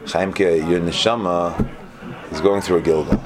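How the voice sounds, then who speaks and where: A man voicing a calm, wise older Hasidic Rebbe giving advice, recorded in a room with an audience. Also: sits low, measured pace, a crowd in the background, pitched below the performer's own voice. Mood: knowing.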